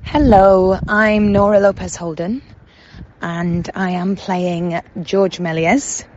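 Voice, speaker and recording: A woman's voice: medium pitch, fairly even intonation, slow pace, a little mellow, dull audio, slight background noise. A woman actor describing her costume in a hesitant way, with ums. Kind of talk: audio introduction to a play.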